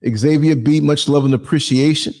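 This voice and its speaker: A man's voice: on the high side, steady tone, normal speed, a little mellow. Man, livestream host, chatty, laughs a lot, reads chat. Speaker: podcast host. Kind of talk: casual livestream talk.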